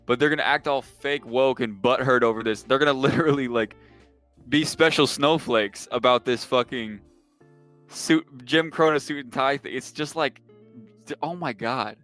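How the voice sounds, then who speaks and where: A man's voice: medium pitch, moderate pace, a bit bright, soft background music. Sarcastic young man ranting on a stream. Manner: sarcastic, exasperated, mocking. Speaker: streamer and political commentator. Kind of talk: casual sarcastic commentary on a livestream.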